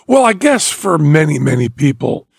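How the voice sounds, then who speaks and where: Gravelly wry man teasing. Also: on the high side, very animated, normal speed, no echo, studio quality. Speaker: podcast co-host. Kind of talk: casual chat.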